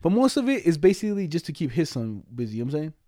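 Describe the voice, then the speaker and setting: A man's voice: a little high, sing-song, rapid-fire, warm tone, no echo, clean studio sound. A young man co-hosting a casual podcast chat, slangy and profane, acting out quoted conversations. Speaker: podcast co-host.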